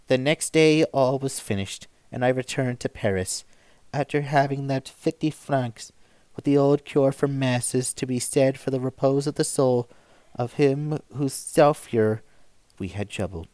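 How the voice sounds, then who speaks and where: A man of middle pitch reads old stories aloud in a measured, even way. His voice is close and dry, with no room around it. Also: no echo. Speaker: story reader.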